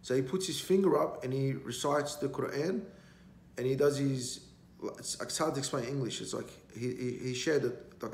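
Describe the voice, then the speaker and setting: A man's voice: mid-range voice, normal speed, a little mellow. A man, a podcast guest telling stories in a blunt, rambling, heavily profane way. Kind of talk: casual storytelling. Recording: roomy echo, faint background noise.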